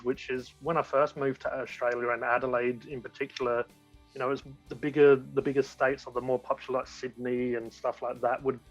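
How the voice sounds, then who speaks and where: Rambling man on lo-fi audio. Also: mid-range voice. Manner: enthusiastic, rambling with restarts. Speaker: guest. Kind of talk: casual chat. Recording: dull lo-fi audio.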